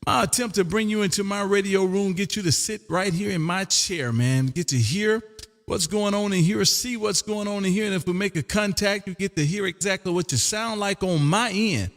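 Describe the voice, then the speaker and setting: A man from Texas hosting a ham radio livestream from his home radio room, loud, drawling out his call sign in a sing-song way and chatting with callers. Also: high voice, moderate pace, big-room sound, faint music behind. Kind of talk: ham radio calling and chat.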